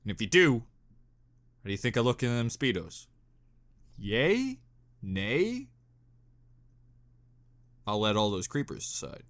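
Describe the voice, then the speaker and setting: A young man chats through a reaction video with a bright, forceful tone. His pitch swings widely as he jumps from excited outbursts to quiet mumbling, and he often breaks into giggles. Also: takes it slowly, pauses often. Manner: animated, giggly, jumps between loud bursts and mumbling. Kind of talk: casual reaction commentary.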